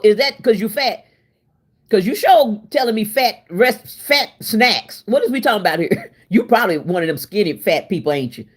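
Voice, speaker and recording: A woman hosting a casual cooking livestream, chatty and expressive, laughing and answering her viewers while she cooks in her home kitchen. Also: mid-range voice. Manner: chatty and expressive, laughing and talking back to chat. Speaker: livestream host.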